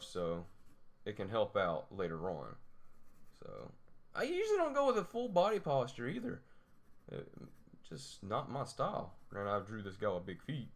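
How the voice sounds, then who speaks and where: A young man rambling while he sketches, laughing often and mocking his own drawing. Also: lowish voice. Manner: self-deprecating, laughs often, talks to himself. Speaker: drawing tutorial host.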